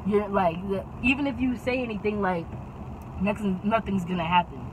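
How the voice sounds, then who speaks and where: A woman voicing her calm, dismissive teenage friends in a low, hushed, soothing tone. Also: moderate pace, noisy background, lightly acted. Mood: placating.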